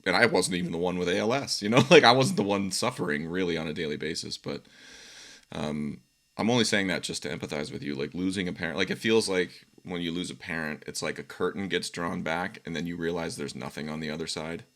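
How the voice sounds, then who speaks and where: A deep, gravelly man with a bright, forward tone. He speaks reflectively and with empathy, like a host talking with a caller. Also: fairly quick. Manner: conversational, reflective, with soft laughs. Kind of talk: empathetic call-in conversation.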